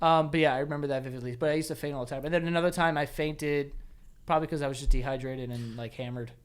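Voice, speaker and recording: A man's voice: on the high side, steady tone, fast talker, clear, resonant tone. A man co-hosting a podcast, telling a rambling, profane story in casual chat. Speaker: podcast co-host.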